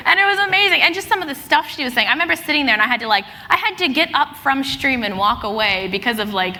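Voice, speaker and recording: A young woman telling stories on a convention panel, animated, laughing and acting out her reactions. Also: high-pitched, quick pace, hardly any pauses. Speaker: panelist, role-play streamer. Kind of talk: panel storytelling on stage. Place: large convention hall stage. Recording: convention hall with crowd noise.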